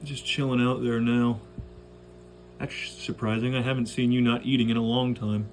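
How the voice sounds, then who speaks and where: Casual man, middle pitch, rambling home-aquarium vlogger who talks to his fish and swears lightly. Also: little pitch movement, moderate pace, a little hiss or hum. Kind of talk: casual vlog chat.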